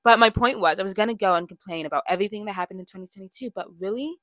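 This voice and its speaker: This podcast host is a young woman with a mid-range, slightly bright voice, speaking at a racing pace with no echo. She chats candidly in a loose monologue, often using fillers and correcting herself mid-thought.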